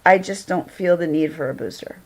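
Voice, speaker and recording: A woman's voice: lowish voice, fairly quick. A woman hosting a casual livestream chat, greeting viewers and laughing often as she talks. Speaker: livestream host.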